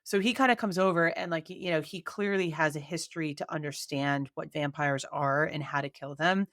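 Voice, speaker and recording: A woman co-hosting a podcast, chatting in a relaxed, agreeable way about a movie. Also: deep voice, brisk, no room sound, clean studio sound. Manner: easygoing, agreeable, laughs often. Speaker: podcast co-host. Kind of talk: casual movie review chat.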